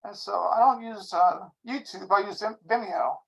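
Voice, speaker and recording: A man's voice: high voice, normal speed, vocal fry, a bit bright, rough recording. Man in his sixties, rambling, friendly caller. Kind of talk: casual chat.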